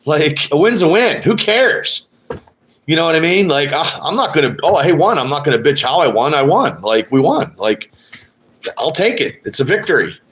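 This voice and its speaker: A man's voice: on the high side, sing-song, normal speed, a bit bright, slight background noise. A man hosting a casual live sports podcast, rambling and swearing as he trash-talks rival fans. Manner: rambling, profane, trash-talking. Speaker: podcast host. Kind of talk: casual live-stream chat.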